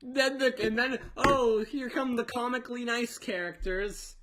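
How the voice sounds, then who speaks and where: A woman's voice: fairly high pitch, unhurried, very noisy. A woman giving sarcastic casual commentary over a video she is reacting to. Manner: sarcastic, laughing.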